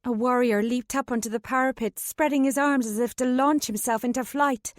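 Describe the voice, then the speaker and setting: Woman, audiobook narrator, urgent tense storytelling, higher voice, dry studio sound. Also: fairly even intonation, normal speed, no echo. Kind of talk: first-person dramatic audiobook narration.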